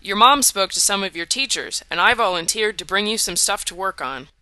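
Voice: mid-range voice, fairly quick, bright, forceful tone, smooth, no echo. A reader voicing an earnest, cryptic teenage boy. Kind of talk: audiobook character voice.

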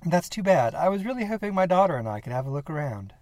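A man voicing an anxious young mother, speaking high and flustered, reading a spooky story aloud. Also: big pitch swings, quick pace, darkish tone, dry recording. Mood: disappointed.

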